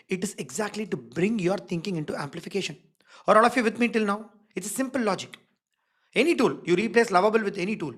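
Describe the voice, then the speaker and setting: A male design instructor with a high, husky voice leads a live online workshop, leaning hard on key words and repeating them. Again and again, he checks in with the audience.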